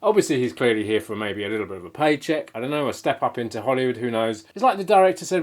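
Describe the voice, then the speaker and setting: A man's voice: mid-range voice, expressive, racing, few pauses. A man co-hosting a casual film review chat, rambling with many restarts and fillers. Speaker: film podcast co-host.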